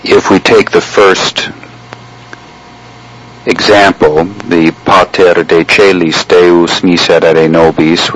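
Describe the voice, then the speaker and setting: A man teaching liturgical chant in a measured, explanatory way, pausing often between phrases. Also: sits low, fairly bright tone, rough recording. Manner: measured, explanatory, with frequent pauses. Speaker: chant instructor. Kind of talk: spoken lesson on chant.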